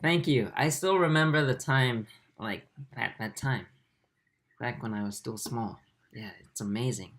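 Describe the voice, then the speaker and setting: A man in his twenties hosting a livestream, reading viewer comments aloud in a soft, halting way with many fillers. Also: mid-range voice. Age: 20s. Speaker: aquarium channel host.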